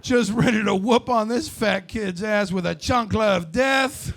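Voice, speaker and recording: A man in his forties doing a stand-up comedy set, brash and loud with crude storytelling. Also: high-pitched, a little slow, gravelly. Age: 40s.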